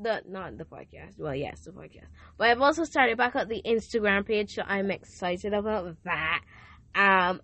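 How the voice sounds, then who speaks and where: A young woman hosts her podcast in a loose, casual way. She sounds heartfelt and emotional. She repeats her gratitude and speaks with warm faith. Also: medium pitch, no echo. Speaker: podcast host. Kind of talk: casual thank-you message.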